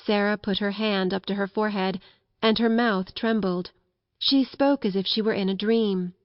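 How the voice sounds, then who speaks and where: Audiobook narrator, female, mid pitch, soft storytelling, dull dry recording. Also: fairly even intonation, normal speed, no echo. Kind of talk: scripted narration of a children's classic.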